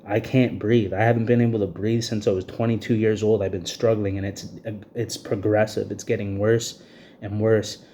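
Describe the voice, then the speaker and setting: A man's voice: on the low side, little pitch movement, normal speed, mellow, a little hiss or hum. A man in his thirties ranting to camera in an agitated, repetitive way, short of breath, with frequent "you know what I mean" fillers. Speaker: vlogger.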